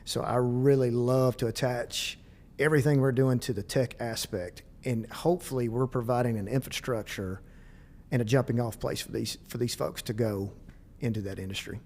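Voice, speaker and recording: A middle-aged man with a Southern US accent, speaking as a school district administrator in a casual podcast interview and acting out bits of dialogue as he tells stories. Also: mid-range voice. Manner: animated, quick storyteller who acts out dialogue.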